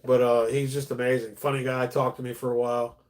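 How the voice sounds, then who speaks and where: A middle-aged male comedian talking casually on a livestream. He rambles, restarts his sentences often and swears freely. His voice is mid-pitched. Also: little pitch movement, fast, a little mellow. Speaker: stand-up comedian, host.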